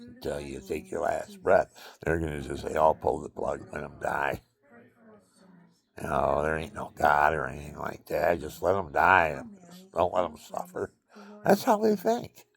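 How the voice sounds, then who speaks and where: A man's voice: low-pitched, vocal fry. A man telling rambling, preachy stories and jokes in an offhand monologue. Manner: rambling, joking, preachy storyteller. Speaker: outdoorsman talking to camera.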